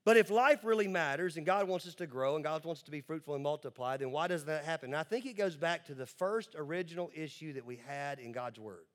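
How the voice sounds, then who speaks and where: A man preaching a sermon as pastor to a congregation in a church. He talks emphatically, moving between quick asides and slow, drawn-out words. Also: fairly high pitch.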